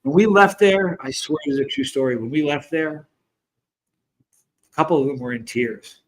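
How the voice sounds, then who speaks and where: Man in his 50s, from the US, slightly high voice, rambling, chatty livestream host. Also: moderate pace, poor audio. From United States. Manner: rambling, chatty, greets viewers by name. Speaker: host of a chili channel. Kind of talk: casual livestream chat.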